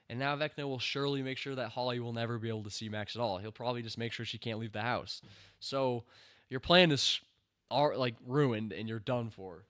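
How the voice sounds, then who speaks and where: A man's voice: medium pitch, a bit bright, clear, resonant tone. A man giving a rambling, sarcastic spoken commentary, full of fillers and incredulous outbursts. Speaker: show reviewer.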